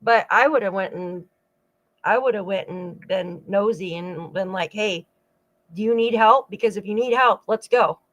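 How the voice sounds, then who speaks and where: A woman's voice: mid-range voice, normal speed, a bit bright, dull audio. A woman hosting a true-crime channel, giving rambling casual commentary with frequent asides to her viewers. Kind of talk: casual commentary over clips.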